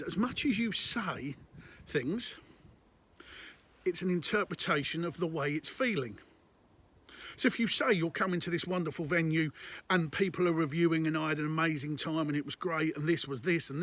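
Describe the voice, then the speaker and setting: A man's voice: fairly high pitch, a bit bright. A man, a business consultant, giving conversational and emphatic business advice to camera, repeating his points.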